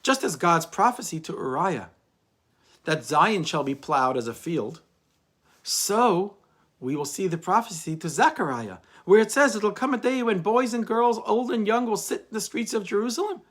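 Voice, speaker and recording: A man doing a calm hopeful old sage. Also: high-pitched, normal speed. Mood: reassuring.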